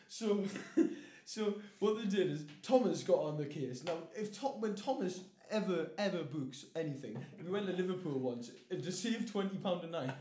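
A man's voice: high-pitched, darkish tone. A man with a Geordie accent co-hosting a podcast, telling sweary stories and laughing mid-sentence. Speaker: podcast co-host. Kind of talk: casual podcast banter. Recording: echoey room with faint noise.

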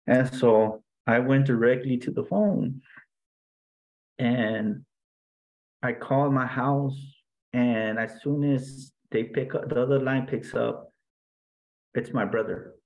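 A man, a guest in an interview, earnestly recounting a personal story in a halting way, with many restarts and fillers. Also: medium pitch, steady tone, a little mellow, low-quality recording.

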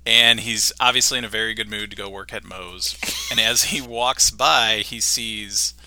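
A man's voice: on the low side, steady tone, normal speed, bright, forceful tone, no room sound. A man co-hosting a podcast, casually retelling a cartoon episode and laughing along. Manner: laughing, retelling scenes with quoted lines. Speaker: podcast co-host.

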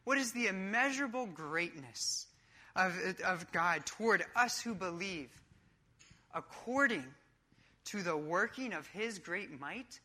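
A woman's voice: on the low side, pushed and bright. A woman preaching a sermon in a church, emphatic and coach-like with casual asides.

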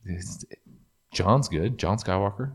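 A man's voice: lowish voice, slow, slightly rough. A young man co-hosting a podcast, joking and swearing in casual banter, full of "like". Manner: joking, swears a lot, says "like" often. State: hungover. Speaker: podcast co-host.

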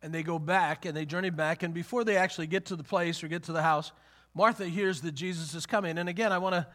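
Speaking fast with fairly even intonation, a man with a slightly high, fairly bright voice preaches conversationally. He repeats and restarts phrases a lot and acts out the quoted words of people in his story.

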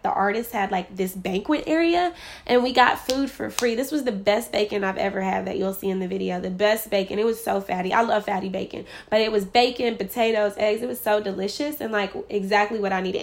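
A woman's voice: medium pitch, creaky. A young woman telling a story in a casual vlog, acting out the dialogue with lots of fillers. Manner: animated, acts out quoted dialogue, frequent "like" fillers. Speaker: vlogger.

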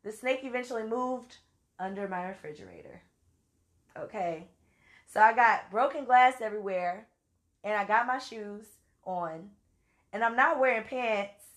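A woman's voice: fairly high pitch, animated, unhurried. A woman from Louisiana with a Louisiana accent, telling a story casually and with salty language while acting out her own quotes. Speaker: vlogger.

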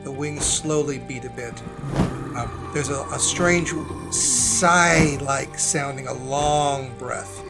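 A man running a tabletop horror game as game master, describing scenes in a halting way with frequent restarts. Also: medium pitch, fairly even intonation, over loud music. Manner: hesitant, with many fillers and restarts.

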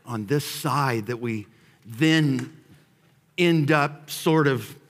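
A man preaching a sermon as pastor, moving between hushed prayer and shouted emphasis and repeating phrases as he builds. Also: medium pitch, extremely slow. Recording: long hall reverb.

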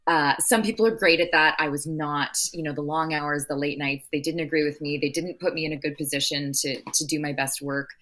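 Actress guest: low-pitched, bright and forceful woman who rambles through long answers. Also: fairly even intonation, a little fast, few pauses. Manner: long-winded, rambling with restarts. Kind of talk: casual interview chat.

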